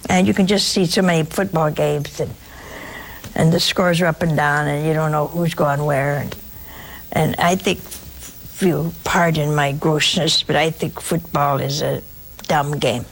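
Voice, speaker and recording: A woman's voice: low-pitched, steady tone, a little slow, creaky, slight background noise, low-quality recording. A woman preaching a sermon in a folksy, humorous way, acting out the scripture stories as she goes.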